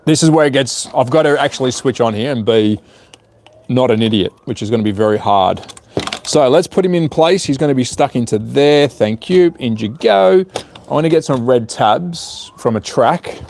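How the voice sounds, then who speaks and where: A man's voice: mid-range voice, expressive, moderate pace, gravelly, a little mellow, slight background noise. A man chatting casually on a live stream while repairing a small device, muttering to himself as he works. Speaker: hobby livestreamer.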